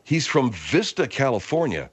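A man's voice: medium pitch, very animated, husky. Exasperated man hosting comic talk radio. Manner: exasperated, halting. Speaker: radio show host.

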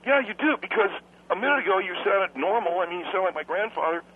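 A man's voice: high voice, fast talker, slight background noise. A young adult man calling in to a radio show, cheeky and rambling, stumbling over his words. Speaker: radio caller. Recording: tinny phone line.

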